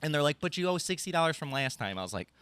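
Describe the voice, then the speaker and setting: A man's voice: fairly high pitch, big pitch swings, racing, a bit bright, smooth, dry recording. A man, telling a rambling story on a casual podcast, ranting and swearing freely. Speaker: podcast co-host.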